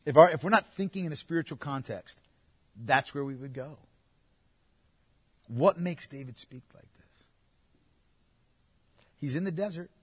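A man with a husky, slightly high voice preaches a sermon, swinging between loud urging and hushed asides. His voice rings with a long reverb, as in a large hall. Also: lively intonation, unhurried, pauses often.

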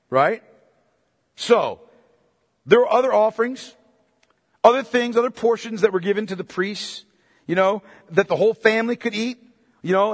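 A man's voice: sits high, husky. A man preaching a verse-by-verse sermon as a pastor, asking his listeners rhetorical questions and repeating his key points. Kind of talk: expository Bible sermon. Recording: long reverb of a hall.

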